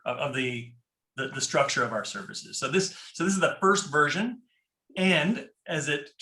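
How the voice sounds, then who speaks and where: A man's voice: medium pitch, sharp tone, roomy sound. A man teaching a class on a prayer book, explaining step by step and often checking in with "right?". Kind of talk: informal class lecture.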